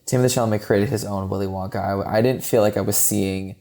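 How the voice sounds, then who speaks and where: Podcast co-host, male, warm low-key tone, rambling casual film talk. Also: steady tone, fast talker. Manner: chatty and rambling, heavy use of "like". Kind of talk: casual film review chat.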